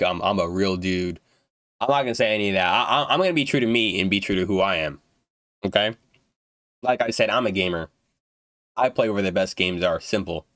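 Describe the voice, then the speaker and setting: Man, low voice, dry close sound, blunt profane gaming rant, stammers and restarts, dry throat. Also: a bit bright, no echo. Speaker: gaming YouTuber. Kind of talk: unedited rant to camera.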